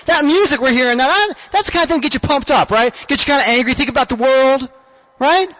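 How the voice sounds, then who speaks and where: A man's voice: very high voice, fast, a bit bright, rough recording. A man hosting a show, delivering an emphatic, sarcastic political rant with lots of repetition. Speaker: radio show host. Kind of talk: ranting political monologue.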